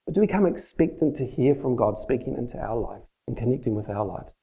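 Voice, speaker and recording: Mellow-voiced man giving a relaxed sermon. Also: medium pitch, brisk, slightly rough, low-quality recording. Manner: practical, plain-spoken, uses everyday examples. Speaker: church teacher leading a prayer session. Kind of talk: conversational sermon teaching.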